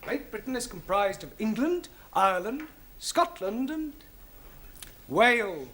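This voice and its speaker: An actor playing a patient but exasperated English teacher in a 1970s studio sitcom. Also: male voice, high-pitched, big pitch swings, a little slow, a bit bright, exaggerated voice. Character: flustered young English teacher, adult man.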